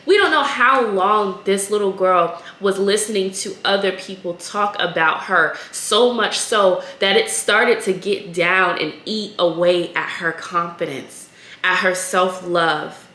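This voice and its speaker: Bright-voiced earnest woman podcaster. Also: medium pitch, unhurried, roomy sound. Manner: earnest, emotional storytelling. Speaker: podcast host. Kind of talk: casual solo podcast talk.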